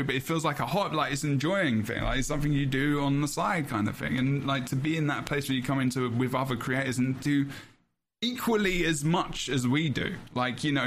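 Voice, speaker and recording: A man hosting a casual podcast, talking in a halting, rambling way with many restarts, heartfelt and emotional. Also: mid-range voice, slight background noise. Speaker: podcast host.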